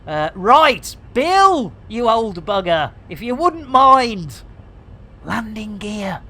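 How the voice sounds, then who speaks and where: A woman's voice: mid-range voice, sing-song, slow, a bit bright. An English woman live-streaming a game, chatting to viewers with cheeky, sweary banter and rhyming slang. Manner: chatty, talks to viewers and reads chat aloud. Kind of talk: casual live-stream commentary.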